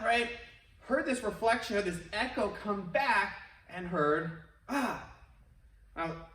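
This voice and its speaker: Upbeat martial arts instructor, echoey room. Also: male voice, sits high, bright, forceful tone. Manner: upbeat, encouraging, counts down and coaches. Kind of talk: online fitness class instruction. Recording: echoey room, mic at a distance.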